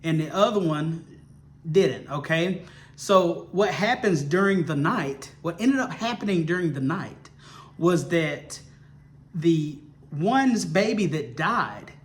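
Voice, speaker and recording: A man retells a Bible story and draws its lesson in an informal teaching. His voice sits somewhat high for a man, and he speaks at an unhurried, drawn-out pace. He repeats himself often and keeps asking "okay?" to check his listeners follow. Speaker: ministry teacher.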